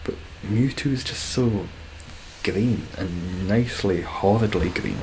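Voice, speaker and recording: A man's voice: low voice, slow, darkish tone, slight background noise. A young Scottish man streaming, chatting casually with viewers in a dry, joking way, swearing freely. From Scotland.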